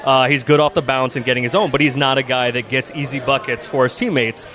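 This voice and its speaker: A man co-hosting a sports podcast, giving measured, analytical commentary. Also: mid-range voice, steady tone, fairly bright tone. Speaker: podcast co-host. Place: arena after a game.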